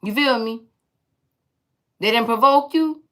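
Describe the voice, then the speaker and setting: A woman with a bright, forceful voice reads tarot cards straight to her viewers, blunt and sassy. Her pitch swings up and down in a lively way, and she drops teasing, profane asides along the way. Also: moderate pace, long pauses. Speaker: tarot reader. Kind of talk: casual tarot reading to viewers.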